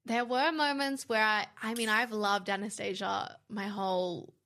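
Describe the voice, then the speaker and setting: A woman's voice: medium pitch, fairly even intonation, a little slow, sharp tone. A young woman co-hosting a podcast, chatting casually and enthusiastically. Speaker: podcast co-host. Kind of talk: casual chat.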